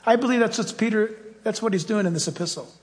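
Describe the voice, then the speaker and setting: A man, a pastor, preaching a sermon with animated storytelling and acted-out dialogue. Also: high voice, fast talker, long reverb tail.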